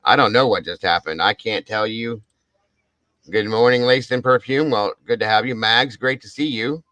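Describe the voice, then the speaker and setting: An older man chatting live to his viewers, bubbling over with thanks and calling out names. His low voice has a bright, forceful edge, and the sound is dry and close. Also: moderate pace, dry recording, low-quality recording. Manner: effusive, thanking viewers by name. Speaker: livestream host. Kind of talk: casual live-stream chat.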